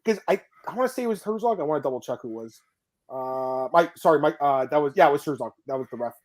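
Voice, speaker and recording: A man hosting a podcast in casual sports chat, excitable, swearing now and then and reading out viewer comments. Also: fairly high pitch, fast talker. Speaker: podcast host.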